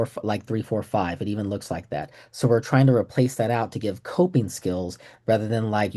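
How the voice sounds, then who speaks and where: Mellow-voiced joking man from Texas. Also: lowish voice. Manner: joking, self-deprecating, acts out quoted voices. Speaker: trainer presenting to clinicians. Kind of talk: casual webinar lecture. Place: online video call.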